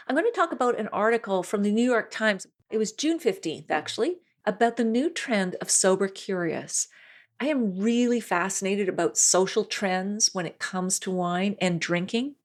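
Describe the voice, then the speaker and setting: A woman hosting a wine podcast in a chatty, enthusiastic solo monologue, laughing often. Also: medium pitch.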